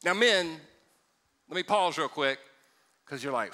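Animated preaching man in a reverberant hall. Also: on the high side, measured pace. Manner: animated storytelling, acts out voices, joking asides. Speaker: pastor. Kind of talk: sermon.

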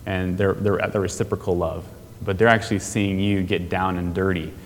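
Man, church teaching, conversational, slightly low voice, reverberant hall. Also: flat delivery, a little fast, a little hiss or hum. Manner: conversational, asks the audience questions, frequent "right?". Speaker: teacher on family discipleship.

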